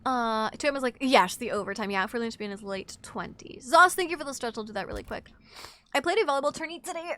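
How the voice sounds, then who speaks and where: Woman, twenties, sick and sleepy, streamer chat, piercing bright tone. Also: a little high. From Wisconsin, USA. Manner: chatty, scattered, quick swings into loud excited outbursts. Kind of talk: casual live-stream chat while gaming.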